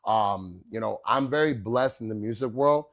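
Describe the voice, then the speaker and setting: A man, a chef guest on a podcast, telling stories in a casual, animated way, with many fillers like "you know what I'm saying". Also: fairly low pitch, normal speed. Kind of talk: casual storytelling.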